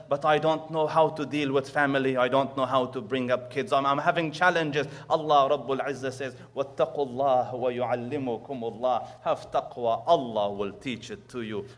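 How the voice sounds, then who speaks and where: A man preaching a sermon, telling a story with big swings from loud to hushed and quick bursts of Arabic recitation. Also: on the high side.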